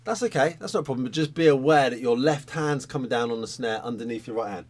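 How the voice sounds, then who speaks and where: A man's voice: medium pitch, quick pace, hardly any pauses, very noisy. A man teaching a drum lesson, talking casually and counting sticking patterns aloud.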